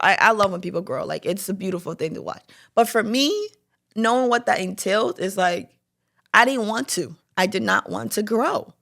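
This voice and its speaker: A woman's voice: mid-range voice, a little fast. A young woman hosting a faith podcast, sharing a personal testimony in candid casual talk, full of "like" and acted-out quotes. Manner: candid, lots of "like" fillers, animated quoting. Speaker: podcast host.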